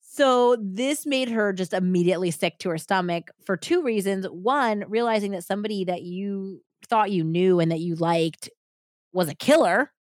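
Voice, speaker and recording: A woman's voice: mid-range voice, moderate pace, dry recording, studio quality. A woman podcast host retelling a story in casual chat, acting out the quotes as she goes. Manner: animated retelling with acted-out quotes.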